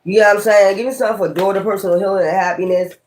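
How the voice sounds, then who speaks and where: Man with a high voice doing a tarot reading, preachy, cussing, rambling on. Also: steady tone, rapid-fire, background noise. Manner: blunt, profane, rambling and preachy. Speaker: tarot reader. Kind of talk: casual tarot reading monologue.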